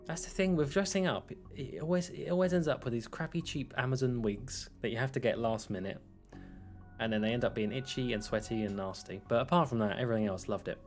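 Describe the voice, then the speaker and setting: A man chatting casually on a live game stream, rambling through viewer questions with easy laughter. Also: medium pitch. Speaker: gaming streamer. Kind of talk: casual live-stream chat while playing.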